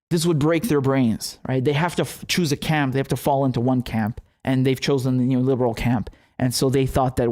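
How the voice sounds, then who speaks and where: A man's voice: mid-range voice, darkish tone. A young man hosting his own political commentary show, talking casually, sarcastic, swearing freely and laughing often.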